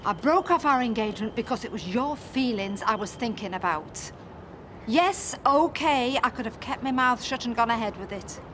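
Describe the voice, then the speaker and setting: Give me an actress voicing a hurt, exasperated woman in a TV drama. She pleads high and rises sharply, her voice swooping all over. Noticeable background noise sits under the recording. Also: animated, normal speed, lightly acted. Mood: pleading. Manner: emotional, pleading then scolding. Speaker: woman pleading with a former fiancé.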